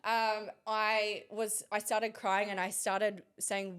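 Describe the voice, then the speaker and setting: A woman, recounting a personal story as an interview guest, halting with frequent pauses and restarts. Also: mid-range voice, level tone, a bit bright, clear, resonant tone.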